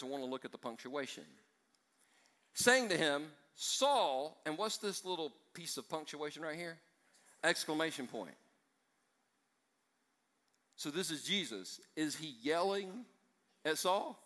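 A man preaches to a church crowd with a bright, forceful voice pitched a little high. He gets fired up and throws in joking side remarks between points. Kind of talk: sermon. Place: church in front of a live congregation.

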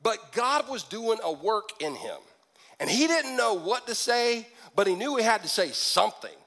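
A man preaching a sermon as pastor, telling the story with lively, jokey asides. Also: sits high, moderate pace. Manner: lively storytelling with acted-out quips.

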